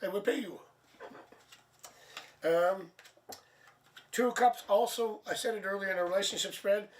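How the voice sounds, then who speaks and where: A man hosting a live tarot stream, chatting casually and sounding tired and low on energy. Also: normal speed. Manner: chatty, laughs at himself, thinks aloud. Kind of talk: casual live-stream chat and card reading. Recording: distant mic, faint background noise.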